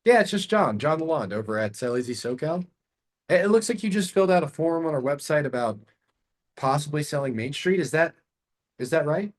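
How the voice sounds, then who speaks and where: A man role-playing a curious, easygoing caller ringing up a homeowner. The voice is lifted a good bit higher than usual, light and relaxed, with a familiar, unhurried phone manner that never sounds like a pitch. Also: slightly rough.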